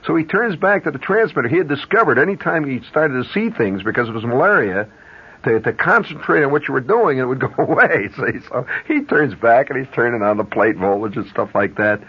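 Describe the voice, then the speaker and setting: Husky radio storyteller spinning a yarn. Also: male voice, medium pitch, brisk. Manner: rambling, animated yarn-spinning with asides. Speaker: radio host. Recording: dull 1970s radio broadcast.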